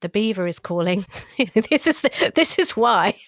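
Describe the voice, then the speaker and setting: A woman co-hosting a history podcast, telling stories in a playful, teasing, animated way. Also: mid-range voice, normal speed, dry recording, clean studio sound. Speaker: podcast co-host. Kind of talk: casual history chat.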